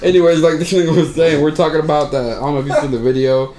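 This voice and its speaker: A man's voice: fairly high pitch, level tone, quick pace, reverberant, crowd noise. A man in casual podcast chat, telling a story with lots of swearing and laughing through the punchlines. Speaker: podcast co-host.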